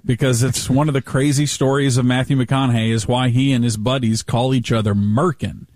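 A man hosting a podcast and introducing the episode. He speaks in a relaxed way with the odd chuckle, recorded dry and close with no room sound. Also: medium pitch, a little fast, dry recording. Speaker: podcast host. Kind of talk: show introduction.

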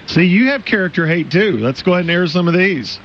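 A male radio host in casual studio banter, easygoing and quick to disagree with his co-hosts. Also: sits high, animated, fairly bright tone, faint music behind. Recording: dull lo-fi radio audio, faint noise.

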